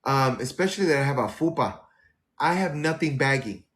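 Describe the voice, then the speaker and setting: Sassy, animated man chatting on a livestream. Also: medium pitch, brisk. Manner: sassy, animated, calls listeners girl and honey. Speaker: livestream host. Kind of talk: casual livestream chat and storytelling.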